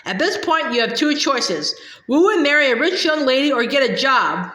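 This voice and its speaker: A woman's voice: high-pitched, lively intonation, normal speed, pushed and bright. A woman voicing a short, fussy older male valet who is agitated and indignant, speaking frantically. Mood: frantic. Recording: echoey room.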